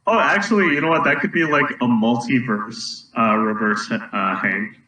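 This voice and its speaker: A young man co-hosting a casual podcast, teasing in a deadpan way and stumbling over his words. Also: medium pitch, normal speed, far from the mic. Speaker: podcast co-host. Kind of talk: casual chat. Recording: roomy echo, away from the mic.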